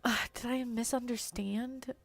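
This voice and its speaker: A woman's voice: a little high, fairly even intonation, a little slow, creaky. A young adult woman chatting casually while streaming a game, rambling on and filling her speech with "like.". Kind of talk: casual live-stream chat while gaming.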